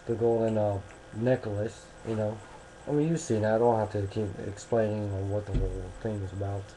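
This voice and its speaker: A man's voice: on the low side, fairly even intonation, normal speed, dark tone, a little hiss or hum, low-quality recording. A young American man talking casually into a webcam, rambling and hesitant with many restarts. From United States.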